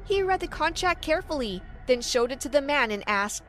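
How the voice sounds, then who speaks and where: Young woman narrator, high voice, dramatic first-person story read. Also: animated, a little fast, a bit bright, faint music behind. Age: young adult.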